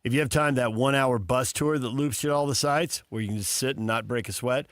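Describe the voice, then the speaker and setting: A morning sports radio host chats and tells stories with an easy, joking manner. His voice sits at a middle pitch. The studio sound is dry and close. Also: fast, no room sound. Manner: chatty storyteller, laughs often.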